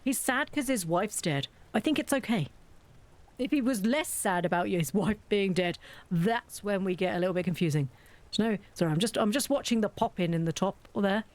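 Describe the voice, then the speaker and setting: A woman's voice: medium pitch, moderate pace, a little mellow. Chatty British woman streaming a game. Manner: chatty, joking, self-mocking. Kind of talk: casual game commentary.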